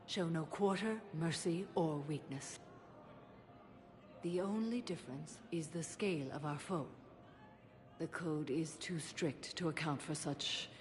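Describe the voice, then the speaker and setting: Samara, a stern warrior ascetic. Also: female voice, low voice. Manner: calm, formal and restrained. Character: stern ascetic alien warrior woman, solemn.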